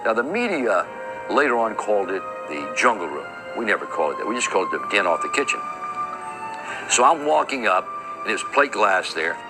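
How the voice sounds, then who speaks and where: A man being interviewed, telling a personal story in an animated way. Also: lowish voice, a little fast, rough recording. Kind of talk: anecdotal storytelling. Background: music.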